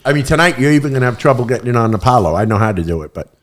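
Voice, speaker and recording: A man's voice: mid-range voice, expressive, rapid-fire, slight background noise. A man in a casual chat giving short, matter-of-fact answers. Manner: matter-of-fact, brief replies. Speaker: co-host.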